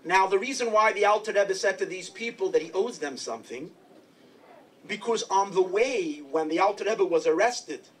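A high-voiced man from New York tells a Hasidic story in a chatty, humorous lecture. He sounds set back from the microphone in a lecture hall, with faint noise underneath. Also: moderate pace, recorded from a distance. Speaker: rabbi and lecturer.

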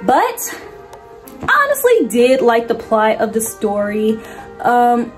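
A young woman casually recapping a movie's plot, slangy and animated, with big swoops in her voice. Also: a little high, slow pace, faint music behind. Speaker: movie reviewer.

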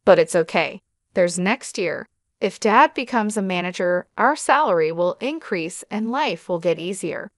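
Woman doing a spoiled whiny girl, smug, lively pitch. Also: measured pace, no room sound, studio quality. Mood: self-righteous. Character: spoiled young woman, smug and self-pitying.

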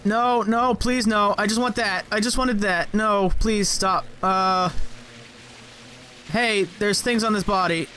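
A high-pitched man narrating his video game run as he plays. He swears freely, scolds the monsters on screen and jokes at them, jumping between mutters and yelps. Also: fairly even intonation, slow pace, sharp tone, a little hiss or hum. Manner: profane, jokey, talks to game enemies. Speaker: gameplay commentator. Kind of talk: let's play commentary.

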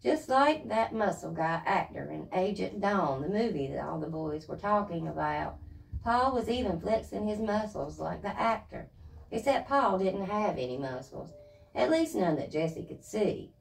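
A woman reads a children's chapter book aloud. Her voice has a gravelly edge and moves a lot in pitch. She sits a little away from the microphone. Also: normal speed, distant mic, poor audio. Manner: lively expressive reading. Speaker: reader.

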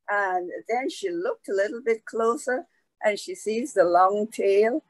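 A woman telling a folk tale aloud in a slow, conversational way, with asides to her listeners. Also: medium pitch, no echo, rough recording. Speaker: storyteller. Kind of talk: oral folk storytelling.

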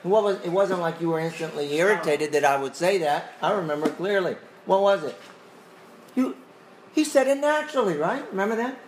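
A man's voice: high voice, animated, fairly quick. Conversational man teaching a Bible class. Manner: conversational, asks the class questions, chuckles often.

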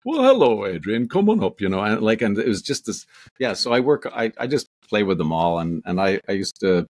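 A man's voice: on the low side, fairly even intonation, brisk. A Canadian man, an actor, telling rambling anecdotes in a casual interview, full of restarts and fillers. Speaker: actor guest.

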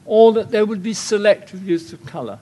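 Older English guest lecturer, dry wit, digressive anecdotes, slightly high pitch. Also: male voice, animated, a little fast, warm tone, slightly rough. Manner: wry, anecdotal, rambling asides. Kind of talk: lecture with slides.

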